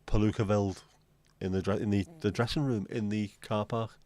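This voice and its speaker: A man's voice: on the low side, steady tone, a little fast, warm tone, no room sound. A man hosting a livestream, chatting casually and rambling from one joke to the next as he addresses his viewers. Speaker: livestream host.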